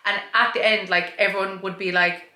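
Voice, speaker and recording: Talkative young woman, bright echoey voice. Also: medium pitch, steady tone, brisk. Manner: open, talkative, swears casually. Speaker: podcast co-host. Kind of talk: casual chat. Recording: echoey room.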